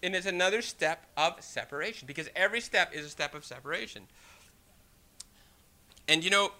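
A man preaching a sermon in an animated, rhetorical way, often asking the congregation "right?" and reading scripture in old-fashioned wording. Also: high-pitched, fairly quick. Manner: reads scripture in King James wording.

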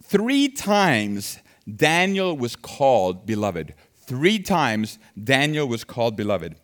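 A man preaching a sermon, reading scripture and explaining it in an animated way that swings between soft and loud. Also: medium pitch, takes it slowly.

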